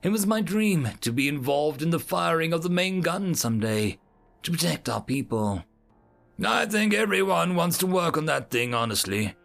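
A man voicing a female alien pack commander who is tense and dry-humored, with a brisk, commanding way of talking. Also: a little high, big pitch swings, vocal fry, fairly bright tone, faint music behind, exaggerated voice.

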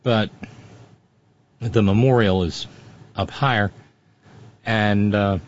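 A man's voice: on the low side, steady tone, takes it slowly, lo-fi sound. A man giving wry, storytelling commentary as a regular on a radio talk show, often restarting his sentences.

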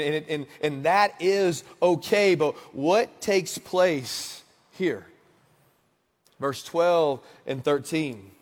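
Man in his thirties preaching a sermon. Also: fairly high pitch. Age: 30s. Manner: conversational, swings from hushed to emphatic. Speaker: pastor. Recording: long hall reverb.

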